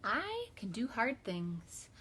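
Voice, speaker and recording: A woman's voice: a little high, wildly swooping pitch, slow, noisy background. Sing-song woman teaching young kids. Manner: sing-song, upbeat with children. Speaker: teacher and mother. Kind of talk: kids' song and read-aloud lesson.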